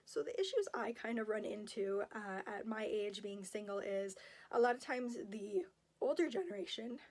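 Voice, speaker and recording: A woman's voice: medium pitch, expressive, moderate pace, darkish tone. A woman in her thirties talking candidly and emotionally to the camera in a personal vlog. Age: 30s.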